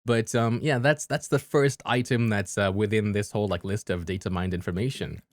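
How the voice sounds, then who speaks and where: A man's voice: lowish voice, fairly even intonation, brisk, no room sound, clean studio sound. A man hosting a casual podcast, chatting loosely with plenty of fillers and laughs. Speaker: podcast host.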